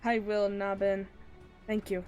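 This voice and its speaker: A woman's voice: medium pitch, level tone, darkish tone, muffled recording, soft background music, lightly acted. A woman voicing a polite, formal young boy envoy in a fantasy game, reading his lines in her own voice. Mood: earnest. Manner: courteous, earnest, measured.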